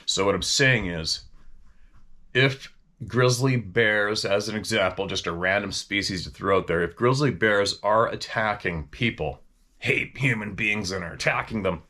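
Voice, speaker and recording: Rambling low-voiced male hunting host. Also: normal speed, bright, forceful tone. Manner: questioning, rambling storyteller. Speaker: former hunting guide. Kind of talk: casual talk to camera.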